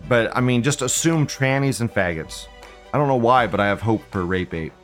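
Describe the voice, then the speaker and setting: A man's voice: medium pitch, lively intonation, normal speed, soft background music. A man hosting a live show, ranting in a casual, profane, rambling way and repeating himself. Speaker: livestream show host.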